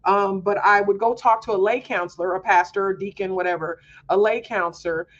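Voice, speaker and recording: A woman's voice: mid-range voice, steady tone, fairly quick, highs cut off. A woman hosting a homeschool mom podcast, talking earnestly in a candid personal monologue, confiding and full of fillers.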